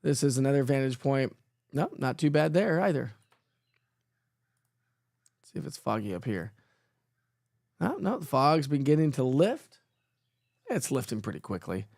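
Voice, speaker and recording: A playful man talks through a relaxed live weather show, chatting freely and teasing himself. His voice sits in an ordinary middle range. The sound is close and dry, with no room around it. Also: mid-range voice, unhurried, creaky, pauses often, no room sound. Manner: chatty, playful, self-joking, laughs often. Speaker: weather forecaster host. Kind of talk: casual live weather chat.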